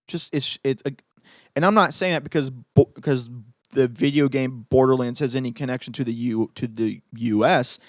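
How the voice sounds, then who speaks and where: A young man hosting a podcast, ranting excitably about movies with swearing and gloating. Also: on the high side, no echo, clean studio sound. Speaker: podcast host. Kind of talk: casual ranting commentary.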